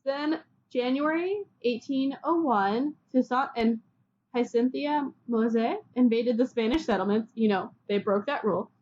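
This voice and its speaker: A woman hosting a podcast, telling history in a chatty, casual way and acting out people in quick quotes. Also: on the high side, darkish tone, highs cut off, slight background noise. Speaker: podcast host.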